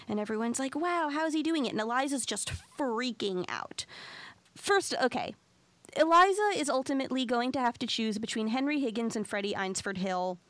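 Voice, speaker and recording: A woman co-hosting a casual podcast, chatty and animated, her voice sitting a bit high. The sound is close and very dry. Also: moderate pace, no echo. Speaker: podcast co-host.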